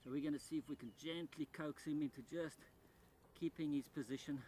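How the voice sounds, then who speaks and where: Presenting a wildlife documentary from rice fields, a man talks briskly in a fairly high voice over slight background noise. His delivery is animated and excited, turning hushed as he nears the animal.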